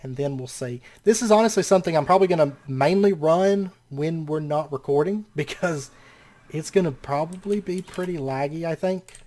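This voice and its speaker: A let's play host with a mid-range, darkish voice narrates gameplay at a moderate pace. They laugh a lot, exclaim in disbelief, and ramble and correct themself while describing each move.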